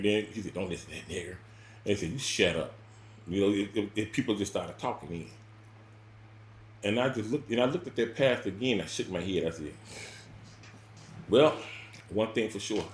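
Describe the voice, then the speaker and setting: A man telling a personal story in casual spoken style, rambling and repeating words, with sudden loud bursts and quiet drops. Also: on the low side, reverberant, slight background noise.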